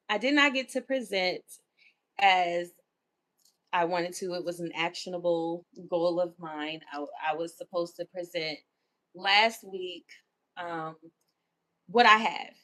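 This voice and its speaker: A woman with a mid-range, slightly bright voice hosts a livestream in casual chat. She's candid and self-affirming, repeatedly asking "you know what I'm saying?"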